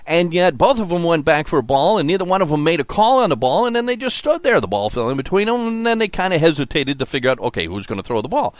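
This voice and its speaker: Older male sports talk host, fairly high voice, chatty and animated, dry recording. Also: fairly quick, hardly any pauses, no echo. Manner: folksy, rambling, animated with many fillers. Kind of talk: solo sports radio podcast monologue.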